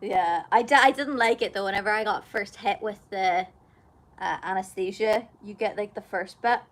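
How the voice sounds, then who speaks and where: A woman's voice: mid-range voice, normal speed. A young woman chatting casually on a livestream, telling stories in a chatty, giggly way. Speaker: singer and livestream host.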